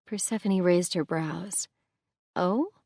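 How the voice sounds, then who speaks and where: A woman narrating an audiobook in a calm, measured way. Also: lowish voice, no room sound, studio quality. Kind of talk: scripted narration.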